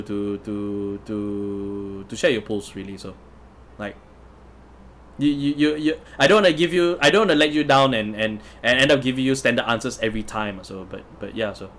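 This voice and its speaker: This livestream host has a mid-range, fairly bright voice. He goes through viewers' comments in a casual, talkative manner and chuckles often.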